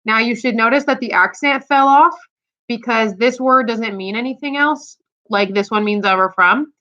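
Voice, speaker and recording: A woman's voice: on the high side, moderate pace, bright, forceful tone. A woman teacher talking students through a quiz in an upbeat, chatty lesson, speaking directly to them. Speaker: Spanish teacher. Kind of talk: recorded lesson walkthrough. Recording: dull lo-fi sound.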